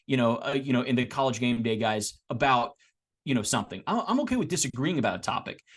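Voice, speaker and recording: A man co-hosting a casual sports podcast, talking in a rambling way with restarts, getting animated as he makes his points. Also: mid-range voice, fast talker, husky. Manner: rambling, frequent restarts and repeated words. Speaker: podcast co-host.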